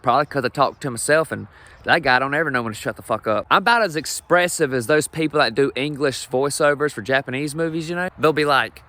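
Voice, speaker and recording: A man's voice: mid-range voice, fast, pushed and bright. A young adult man doing brash, profane, self-deprecating stand-up comedy.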